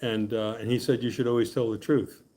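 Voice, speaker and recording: A man's voice: medium pitch, steady tone, fairly quick, warm tone. A man leading a Bible study class, reading scripture aloud and explaining it in a chatty, joking way. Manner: chatty and joking, often laughing and checking in with "okay?".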